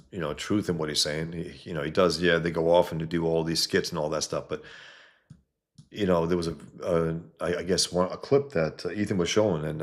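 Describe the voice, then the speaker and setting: A man hosting a casual livestream, reading viewer comments aloud and answering them in a blunt, rambling, sometimes profane way from a home setup. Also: low-pitched. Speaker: livestream host.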